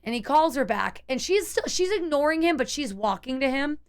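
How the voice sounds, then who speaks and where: A woman streamer telling her chat a tense story in a casual, animated way, full of restarts and fillers. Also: sits high, a little fast, hardly any pauses.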